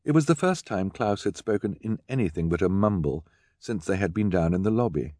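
Lively low-voiced male storyteller. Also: brisk, no room sound, clean studio sound. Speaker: audiobook narrator. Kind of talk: scripted narration.

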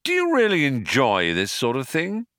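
A man voicing a quick-witted young traveler who talks in a breezy, persuasive way. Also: medium pitch, wildly swooping pitch, a bit bright, no echo. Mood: coaxing.

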